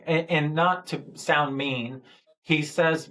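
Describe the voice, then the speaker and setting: Slow-talking man hosting a podcast. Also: fairly high pitch, steady tone, fairly bright tone, poor audio. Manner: slow, easygoing, brief backchannels. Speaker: podcast host. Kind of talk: casual interview chat.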